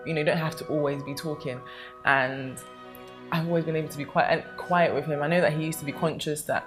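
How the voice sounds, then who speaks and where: A woman's voice: low-pitched, fairly even intonation, quick pace, over music. A young woman talking casually to camera, chatty and affectionate, rambling with lots of fillers. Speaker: vlogger.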